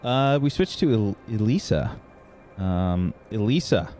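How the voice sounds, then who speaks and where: Brief: male game master, animated voice, casual narration full of ums, faint music behind. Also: lowish voice, unhurried. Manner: loose, filler-heavy narration. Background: faint background music.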